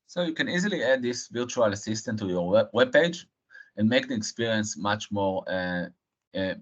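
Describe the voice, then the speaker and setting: Halting male presenter in a software demo. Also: lowish voice, expressive. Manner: halting, with frequent uh and um fillers. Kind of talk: live technical software demo. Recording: dull lo-fi stream audio.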